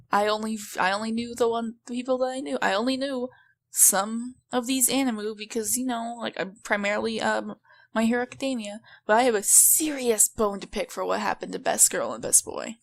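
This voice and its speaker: A woman's voice: on the high side, normal speed, vocal fry. A woman co-hosting a casual podcast, chatty and playful, often giggling. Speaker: podcast co-host.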